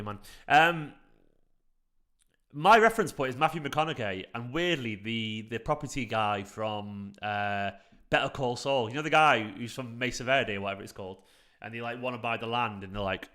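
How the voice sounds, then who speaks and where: A young adult man hosts a football fan live stream in a relaxed, off-the-cuff way. His voice is bright and forceful, with an ordinary middle pitch. He gets excitable and swears casually as he reacts to messages from viewers. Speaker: football fan channel host reading live chat.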